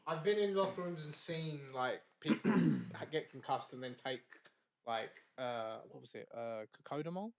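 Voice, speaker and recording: A man's voice: mid-range voice, normal speed, gravelly. A man, a wrestler guest on a podcast, telling a story in casual chat. He laughs often and acts out the quoted dialogue.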